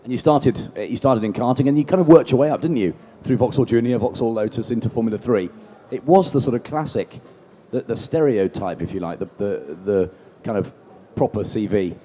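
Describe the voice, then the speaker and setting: Very dark-voiced stage interviewer. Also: male voice, medium pitch, a little fast, hardly any pauses. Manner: chatty, leading questions with tag endings. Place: live exhibition stage.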